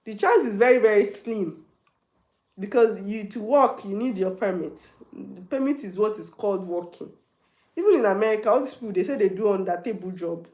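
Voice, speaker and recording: A Nigerian woman talks casually through a live stream, answering viewer questions with frank, chatty advice. Her voice sits at an ordinary middle pitch. The sound comes across roomy and echoey. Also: a little mellow. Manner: chatty, advising viewers directly, mixing in Yoruba and pidgin. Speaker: livestream host.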